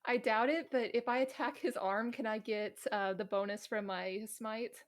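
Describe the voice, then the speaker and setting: A woman's voice: a little high, steady tone, normal speed. A woman playing a tabletop game, chatting casually with laughs and playful self-deprecation. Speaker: player.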